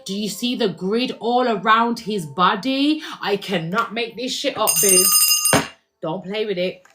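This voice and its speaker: A woman, giving a casual tarot reading to her viewers in a chatty, slangy way, constantly checking in with the listeners. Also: medium pitch. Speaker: tarot reader.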